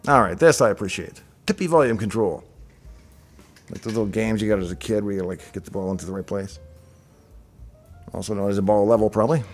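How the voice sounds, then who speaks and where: A middle-aged man hosting a show, casually thinking aloud as he reacts to on-screen designs with chatty asides. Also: fairly low pitch. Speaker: show host reviewing software designs.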